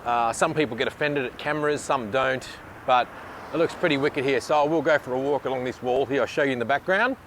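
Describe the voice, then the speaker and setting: In this casual vlog, an Australian host with a medium-pitched, slightly bright voice talks a little quickly while filming himself on a handheld camera. He drifts between a bakery and the street, chatty and grateful, with a slight hiss or hum underneath.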